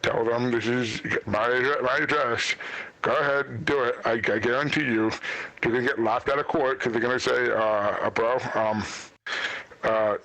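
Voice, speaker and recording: A man with an ordinary mid-pitched voice talking on a podcast, repeating his words as he starts and sounding exasperated. The recording is dry and close. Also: steady tone, normal speed, sharp tone, no echo, poor audio. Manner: stammering, exasperated, rambling. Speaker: podcast guest. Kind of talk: casual podcast chat.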